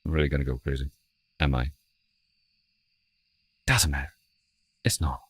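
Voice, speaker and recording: A man's voice: very deep voice, steady tone, moderate pace, a bit bright, slightly rough, no room sound. A man giving casual gameplay commentary as a streamer, playful and self-mocking, muttering to himself as he plays. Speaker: streamer playing a ghost-hunting game. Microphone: headset.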